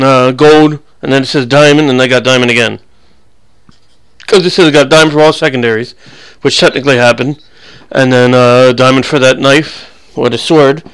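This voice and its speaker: A young man talks loosely over his game footage, drifting between match details and crude jokes. His voice sits a little high and has a rough, gravelly edge. The delivery is casual and offhand throughout. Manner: rambling, crude joking banter. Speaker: gaming channel host. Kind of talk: casual gameplay commentary.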